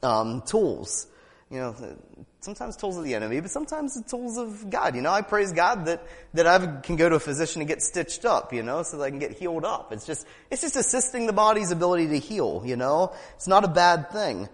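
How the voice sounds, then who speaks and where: A man preaching with a fervent, emphatic delivery, circling back on key phrases and firing off rhetorical questions. His voice sits high for a man and swings widely in pitch. A long reverb hangs behind him, as in a large hall. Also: big pitch swings. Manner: breaks into laughs and quick asides. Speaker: pastor. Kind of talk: sermon.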